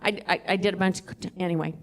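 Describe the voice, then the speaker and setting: A woman's voice: lowish voice, fairly even intonation, quick pace. A middle-aged woman works a comedy club stage. Her stand-up set rambles from story to story in a self-deprecating way. She keeps turning to chat with the crowd. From Southwest Louisiana.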